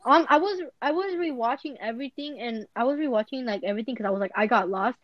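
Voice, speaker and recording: A woman's voice: a little high, fast talker, dry recording. A woman co-hosting a casual podcast over an online call, rambling and laughing as she talks over the others. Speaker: podcast co-host. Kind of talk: casual chat. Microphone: headset on an online voice call. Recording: dull lo-fi call audio, dry.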